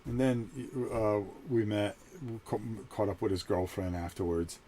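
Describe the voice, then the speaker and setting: A middle-aged man with a somewhat low voice hosts his own channel and tells a personal story in a loose, rambling way. He slips into the voices of the people he quotes. A faint hiss sits under his voice. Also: unhurried. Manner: animated, acts out quoted conversations. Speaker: channel host. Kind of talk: casual storytelling monologue.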